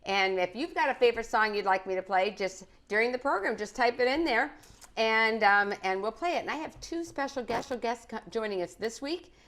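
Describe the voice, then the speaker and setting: A woman's voice: a little high, expressive, brisk, fairly bright tone. A middle-aged woman hosting a live home cooking program, chatting cheerfully with children and viewers. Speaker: cooking show host. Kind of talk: live casual cooking chat with kids. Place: living room at home.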